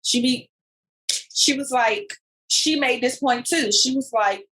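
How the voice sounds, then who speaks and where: A woman's voice: high voice, slow pace, rough recording. A woman co-hosting a podcast in casual chat, animatedly retelling what others said. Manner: animated storyteller, retells clips with quoted voices. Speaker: podcast co-host.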